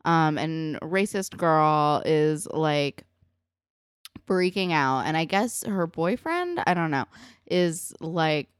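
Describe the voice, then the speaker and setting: Lively young woman recapping a show. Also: low voice, slow, smooth, no room sound, studio quality. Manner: animated, acts out characters' lines in quotes. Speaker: podcast co-host. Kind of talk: casual recap chat.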